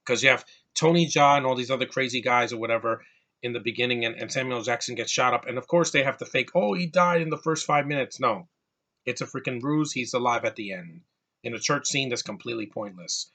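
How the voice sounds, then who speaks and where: Bright-voiced man ranting about a movie. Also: mid-range voice, a little fast. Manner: exasperated, ranting, repeats words and restarts. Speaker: movie reviewer. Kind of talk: casual movie rant.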